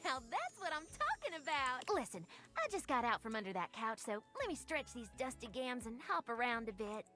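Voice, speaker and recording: A woman's voice: on the high side, very animated, normal speed, few pauses, sharp tone, faint music behind. A woman voicing an easygoing female dust bunny in a video game, with a drawling Southern accent and a habit of saying honey. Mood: folksy. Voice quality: drawling, calls everyone honey.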